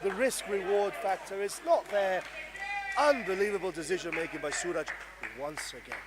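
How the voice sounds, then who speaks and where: Male commentator for a live indoor cricket match; high, excitable, heard over a noisy crowd. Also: normal speed. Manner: excitable, bursts into shouts at big moments. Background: crowd and venue noise.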